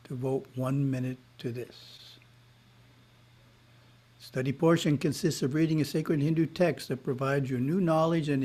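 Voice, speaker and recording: A man giving a spiritual lesson in a webinar, reading in a measured way with short asides, heard over a video call. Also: medium pitch, mellow. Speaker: spiritual teacher.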